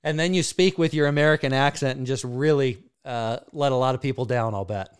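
A man's voice: mid-range voice, a little fast, clean tone. A man hosting an interview, asking questions casually with many ums and uhs. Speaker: interview host.

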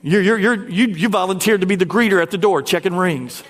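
A man pastor preaching a lively sermon, talking directly to his congregation. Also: high voice, a little fast, background noise.

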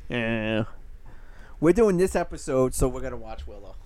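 A blunt man swears freely and jokes as he co-hosts a casual podcast. His pitch swings widely, rising and falling as he talks. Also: lively intonation, normal speed, darkish tone. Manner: profane, blunt, joking. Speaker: podcast co-host. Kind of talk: casual chat.

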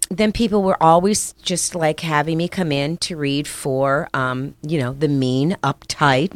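A woman guest, an actress, giving brisk, practical advice in a casual interview chat. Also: low voice, no room sound.

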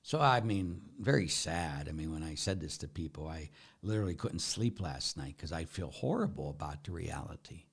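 A middle-aged Catholic priest preaching during a Q&A, emphatic, often asking rhetorical questions and swinging between loud and soft. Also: male voice, extremely low pitch, animated, normal speed, creaky, few pauses, slightly rough.

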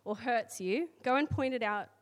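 A woman's voice: a little high, moderate pace. Australian woman preaching in an echoey hall. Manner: chatty asides, filler words between readings. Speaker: church speaker. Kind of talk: conversational sermon with scripture reading. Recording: long hall reverb.

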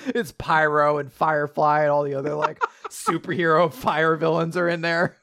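A man's voice: a little high, level tone, moderate pace, gravelly, fairly bright tone, no echo, studio quality. A man co-hosting a podcast, chatting casually and animatedly with frequent laughs. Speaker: podcast co-host. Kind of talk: casual chat.

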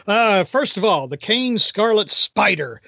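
High-voiced rambling male podcaster. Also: sing-song, a little slow, vocal fry, sharp tone, slightly rough, dry recording, dull audio. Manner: rambling, laughing, acts out quotes. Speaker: podcast co-host. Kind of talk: casual comic review chat.

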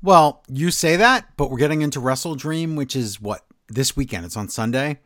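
A man co-hosts a podcast with a lively, swinging delivery. He rants in a sarcastic, exasperated tone. The mic is close and dry. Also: mid-range voice, moderate pace, no room sound. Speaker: podcast co-host. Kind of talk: casual wrestling podcast chat.

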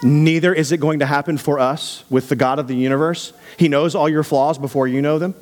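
A man preaching to a congregation, animated and conversational, dropping low for asides. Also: brisk. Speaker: pastor. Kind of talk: sermon.

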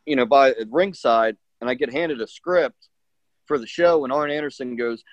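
A middle-aged man who wrestles professionally narrates a story at normal speed in a medium-pitched voice during a casual interview. Animated and filler-heavy, he performs the quotes of the people involved. The sound is dull, lo-fi, and dry.

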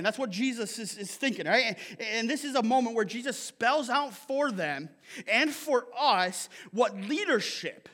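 A man's voice: very high voice, bright, forceful tone. A male pastor preaching a casual, conversational sermon, often checking in with "right?" and laughing between points.

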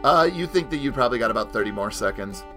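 A man's voice: mid-range voice, animated, fast, over music. A man narrating as game master for a tabletop game, casual and full of fillers. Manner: casual, laughing, hesitant fillers.

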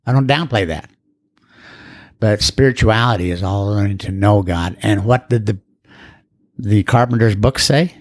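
An older man tells his recovery story in a folksy, rambling, plain-spoken manner, acting out other people's voices when quoting them. His voice is lowish, at normal speed, with long pauses.

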